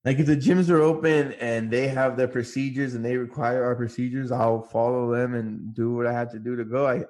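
A man co-hosting a casual podcast chat, laid-back and slangy. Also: mid-range voice. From California. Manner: laid-back, slangy, says "bro" and "dude". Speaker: podcast co-host.

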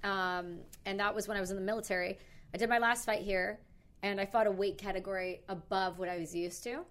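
A woman from Canada with a Canadian accent, chatting casually and teasing back as a podcast co-host. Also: mid-range voice. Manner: lively, quick to tease and protest. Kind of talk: casual chat.

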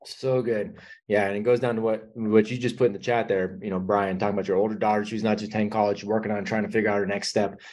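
Lower-voiced man hosting, encouraging. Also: little pitch movement, fast talker, darkish tone. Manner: encouraging, affirming. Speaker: host. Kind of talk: casual conversation.

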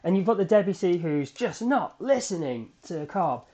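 Animated man hosting a fan podcast. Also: sits high, normal speed. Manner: excitable, animated storytelling with frequent restarts. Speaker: podcast host. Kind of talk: solo fan podcast recap.

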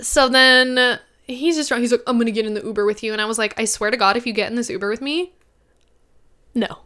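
Bright, clear-voiced young woman storyteller. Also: a little high, fast talker. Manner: animated, swearing, quoting others in voices. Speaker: podcast co-host. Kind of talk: casual storytelling chat.

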